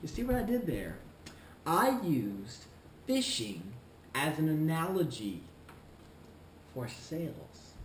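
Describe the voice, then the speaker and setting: A man playing a smug, self-important male shoe store clerk in a comedic vlog monologue, talking in a deliberate, condescending way. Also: a little high, very animated, a little hiss or hum. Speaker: shoe store employee character. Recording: roomy echo, faint ambience.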